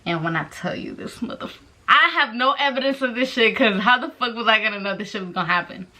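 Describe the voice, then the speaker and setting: A young woman telling a story casually to the camera, swearing constantly and acting out voices with animated energy. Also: a little high, fairly quick. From Mexican-American. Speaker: vlogger.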